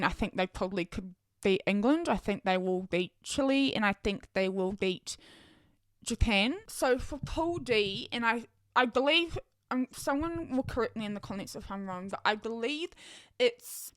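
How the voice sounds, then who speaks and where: A young woman hosts her own podcast, chatting excitedly and thinking aloud with lots of ums. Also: on the high side, no echo, clean studio sound. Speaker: podcast host. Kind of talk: casual solo podcast chat.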